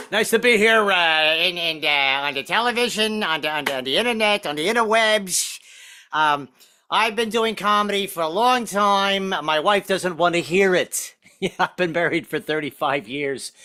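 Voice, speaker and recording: A man's voice: fairly high pitch, lively intonation, moderate pace, bright, forceful tone. A middle-aged American man doing a wry, self-deprecating stand-up set over a video call. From United States. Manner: wry, self-deprecating, puts on voices for jokes. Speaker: stand-up comedian.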